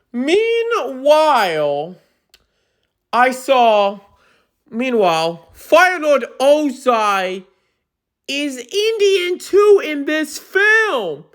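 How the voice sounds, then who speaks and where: A young adult woman giving an exasperated movie review rant. She speaks emphatically and often breaks into shouting. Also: a little high.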